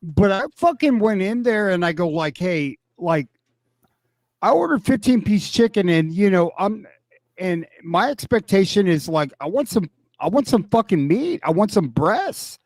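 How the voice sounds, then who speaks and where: High-voiced man ranting with lots of swearing. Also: sing-song, normal speed, darkish tone, no room sound. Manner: profane, ranting comic complaints. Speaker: podcast co-host. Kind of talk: casual chat.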